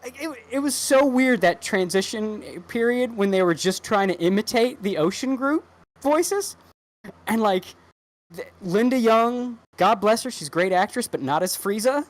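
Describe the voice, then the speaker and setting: A woman co-hosting a podcast in casual chat, rambling and animated, with many restarts and swearing. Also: fairly high pitch, moderate pace. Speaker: podcast co-host.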